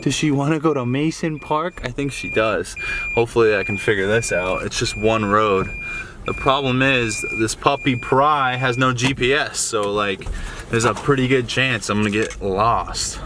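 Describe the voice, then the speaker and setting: A man's voice: mid-range voice, normal speed, background noise. A young man chatting casually to the camera and to his dog as he vlogs, talking to her in a playful voice. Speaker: vlogger. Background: background music.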